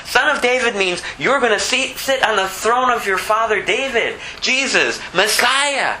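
A man preaching a sermon with fervent, animated delivery that builds toward near shouting. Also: high-pitched, measured pace, a little hiss or hum, low-quality recording.

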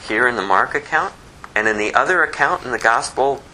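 Lively bright-voiced man teaching the Bible. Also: mid-range voice, brisk, slight background noise, poor audio. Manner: animated storytelling, rising emphatic bursts. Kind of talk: informal Bible study teaching.

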